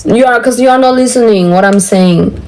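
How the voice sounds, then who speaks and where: A woman whose first language is Tibetan rants to a friend over the phone. Her voice sits slightly high and she keeps circling back, exasperated, padding her story with fillers. It plays as unscripted, casual chat. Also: brisk, slight background noise, poor audio. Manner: animated, exasperated venting with many fillers. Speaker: vlogger. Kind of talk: venting on a phone call.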